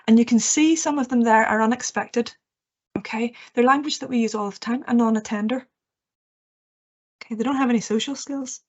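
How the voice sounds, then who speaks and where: A woman's voice: a little high, a little fast. A woman giving a training presentation to teachers, earnest and reassuring, often checking in with "okay". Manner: earnest, reassuring, with frequent okays and ums. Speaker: education trainer. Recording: muffled lo-fi recording.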